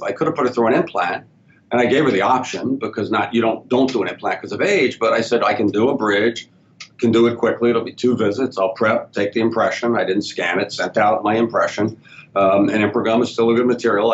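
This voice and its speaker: Man telling stories, slightly dull recording. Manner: storytelling, acts out patient dialogue. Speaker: dentist and professor, guest. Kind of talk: casual podcast interview. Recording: slightly dull sound with faint rumble.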